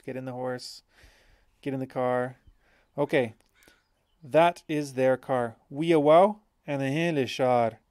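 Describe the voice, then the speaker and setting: A man's voice: mid-range voice, a little mellow, no echo, clean studio sound. A man teaching a language lesson, explaining example sentences patiently and correcting himself as he thinks aloud.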